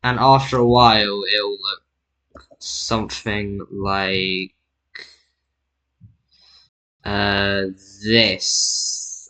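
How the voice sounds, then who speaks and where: A man's voice: fairly low pitch, sharp tone, rough recording. A man casually narrating a map-drawing video, rambling and correcting himself with jokey asides. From Britain. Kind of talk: casual narration over screen recording.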